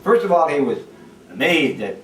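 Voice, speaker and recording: Animated man, roomy and distant. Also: fairly high pitch, normal speed, slight background noise. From Jamaica. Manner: animated anecdote with acted-out quotes. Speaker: interviewee.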